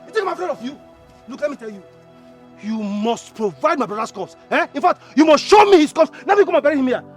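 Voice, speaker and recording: Nigerian brother, high voice, quick, lively, stammering, hot-tempered, film music behind. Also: male voice. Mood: defiant. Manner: stammering, repeats words, challenging. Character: hot-tempered poor younger brother Joseph, stammering and shouting. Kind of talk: Nollywood film drama.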